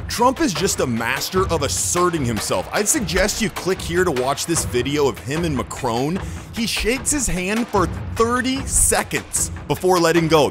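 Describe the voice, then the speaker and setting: A man hosting a video channel, casually breaking down a clip in an analytical way and laughing now and then. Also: fairly high pitch. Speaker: social skills coach and channel host.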